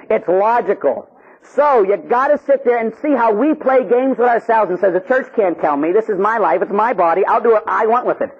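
A male Catholic priest from Pittsburgh giving a blunt, animated preaching talk with joking asides. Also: extremely high pitch. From Pittsburgh, USA. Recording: dull lo-fi recording.

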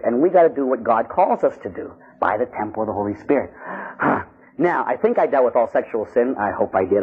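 A male Catholic priest from Pittsburgh giving a blunt, animated preaching talk with joking asides. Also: on the high side, slightly rough. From Pittsburgh, USA. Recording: dull lo-fi recording.

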